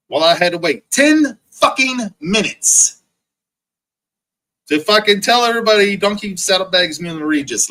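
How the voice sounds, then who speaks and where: Profane ranting livestream man, bright voice. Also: sits high, low-quality recording. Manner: profane, mocking, repetitive ranting; reads and answers chat comments. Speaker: livestream host.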